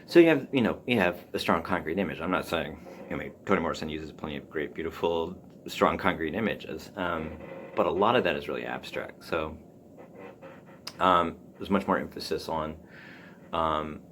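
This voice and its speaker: A man hosting a solo podcast, musing aloud about writing in a halting way, full of ums and restarts. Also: rumbling low, a bit bright, a little hiss or hum. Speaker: podcast host. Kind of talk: casual solo talk on writing.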